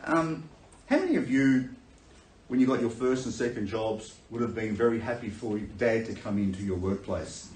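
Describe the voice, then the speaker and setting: A man preaching a sermon, telling a Bible story in a lively way and acting out the characters with laughter. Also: medium pitch, normal speed, slight background noise. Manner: animated storytelling, acts out voices with laughter. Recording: echoey room, voice from a distance.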